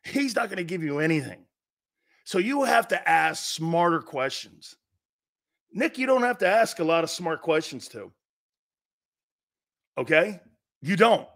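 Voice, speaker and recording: A middle-aged man in casual sports talk, voice sitting a bit high for a man. He lectures his listeners and fires off rhetorical questions, with an animated, emphatic delivery. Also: unhurried, creaky, pauses often.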